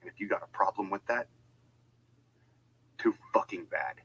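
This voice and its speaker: Deep-voiced, furious, swearing man. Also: moderate pace, fairly bright tone, husky, low-quality recording. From United States. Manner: heated, profane and confrontational. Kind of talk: angry monologue.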